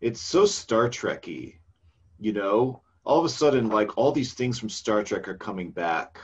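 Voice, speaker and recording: Low, husky man recapping in casual chat. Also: expressive, unhurried, lo-fi sound. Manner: rambling, trailing off into fillers. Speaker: podcast co-host recapping a game session.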